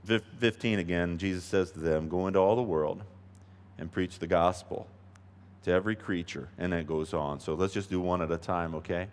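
A man preaching a sermon as pastor, earnest and emphatic, dropping to soft asides and rising to loud stresses. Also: sits low, moderate pace. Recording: long hall reverb.

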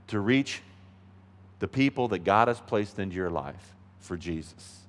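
A man preaching a sermon as pastor, earnest and emphatic, dropping to soft asides and rising to loud stresses. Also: medium pitch. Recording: long hall reverb.

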